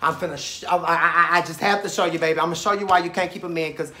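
A man's voice: on the high side, steady tone, rapid-fire, sharp tone, echoey room. A man with an East Texas accent hosting a casual reality-show review, sassy and profane, talking straight to the people on the show. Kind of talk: casual commentary.

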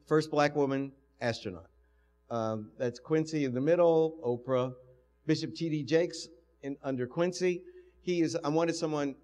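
An older man from the United States telling stories in a university lecture and acting out the voices he quotes. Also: mid-range voice. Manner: storytelling, animated, acts out quoted voices. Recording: lecture hall with long reverb.

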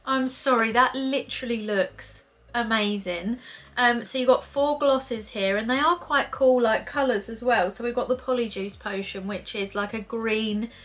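A young woman reviewing makeup in a chatty, excitable vlog, peppering her talk with fillers. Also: fairly high pitch, normal speed, soft background music. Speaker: beauty vlogger. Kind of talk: casual product review.

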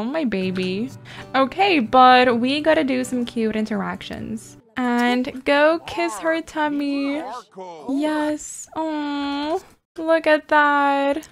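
High bubbly woman talking slow over a game, gushing n giggling, faint music behind. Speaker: gaming video host. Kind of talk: casual let's-play commentary.

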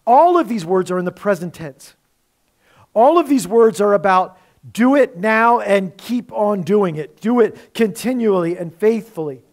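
A man's voice: sits high, lively intonation, a little slow, a little mellow. A male pastor preaching a sermon in a conversational way, with rhetorical questions.

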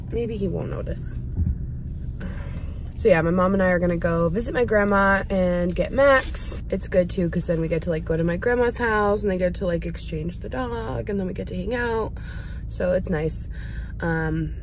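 A woman's voice: fairly low pitch, moderate pace, background noise. A young woman chatting casually in a vlog, full of likes and ums, cooing baby talk at her dog now and then. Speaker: lifestyle vlogger.

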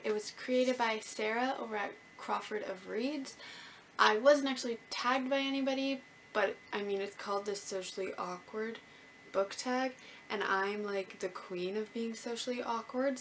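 A woman's voice: a little high, moderate pace, a bit bright, a little hiss or hum. Bubbly young woman gushing about books. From Canada. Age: young adult. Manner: bubbly, gushing and self-mocking. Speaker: book vlogger. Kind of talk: casual chat to camera.

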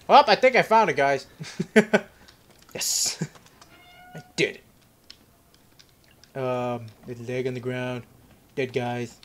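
A man giving joking, profane commentary while playing a horror game, yelping and shouting whenever something chases him. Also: mid-range voice. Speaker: let's play host. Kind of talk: casual horror gameplay commentary.

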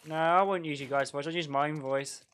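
A man talks his way through a video game stream in a loose, chatty manner. His voice sits a bit high for a man, and he laughs easily and reacts loudly to surprises. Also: brisk, slight background noise. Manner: excitable, chatty, laughs often, mild slang. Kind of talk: casual game-stream commentary.

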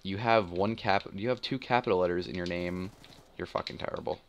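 A man's voice: sits low, fairly quick, slight background noise. A young man giving live gameplay commentary, muttering and swearing as he grumbles about the match and himself. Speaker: gaming channel host.

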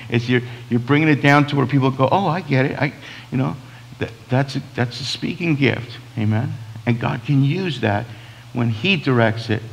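A man's voice: medium pitch, gravelly, long reverb tail, low-quality recording. A man, a pastor preaching a sermon in a conversational way, full of restarts and quoted asides. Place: church sanctuary.

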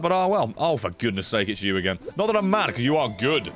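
An excitable man talks through a video game in casual stream commentary, his voice bouncing between low grumbles and high yelps. He swears freely and reacts loudly to every surprise. Faint music plays softly behind him. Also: rapid-fire.

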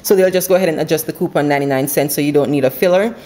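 A woman chatting casually at home about her couponing haul, running through prices quickly and laughing now and then. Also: deep voice, warm tone. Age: adult with school-age kids. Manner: chatty, quick, runs numbers aloud, laughs often. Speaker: couponing vlogger. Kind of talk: casual haul video chat. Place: home, indoors.

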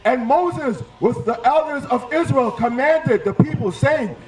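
A man reading Bible verses aloud on a city street, slow and measured. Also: extremely high pitch, darkish tone, low-quality recording. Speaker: scripture reader.

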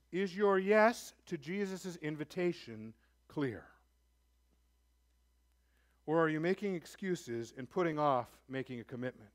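High-voiced earnest male pastor. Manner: earnest, rises to emphatic then drops low and soft. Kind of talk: sermon. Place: church.

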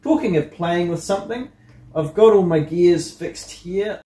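A man's voice: high voice, a little slow, dark tone, roomy sound. A man hosting a hobby engineering channel, talking casually and rambling with frequent ums and you-knows. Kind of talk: casual vlog commentary.

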